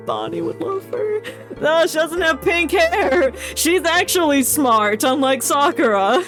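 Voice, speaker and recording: A woman's voice: very high-pitched, expressive, slow. A woman streaming a video game, chatting casually, laughing often and reading the game text aloud. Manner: giggly, rambling, reads game text aloud. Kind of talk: casual chat while playing a game. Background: game music.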